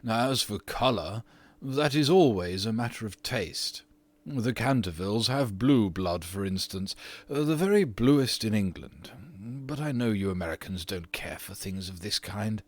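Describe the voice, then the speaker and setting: A man voicing a petulant, haughty aristocratic ghost of an English nobleman in an audiobook reading, often drawing his words out slowly. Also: on the low side, lively intonation, dry recording.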